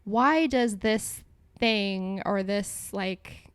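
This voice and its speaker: A woman's voice: medium pitch, very slow, smooth, no room sound, studio quality. A young woman hosting a solo podcast, talking casually with frequent laughs and lots of "like" fillers. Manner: chatty, giggly, lots of "like" fillers. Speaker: podcast host.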